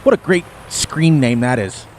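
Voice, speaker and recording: With a mid-range voice, lively intonation and an unhurried delivery, a middle-aged man rambles folksily to viewers on his live game stream. He laughs often, and slight background noise can be heard.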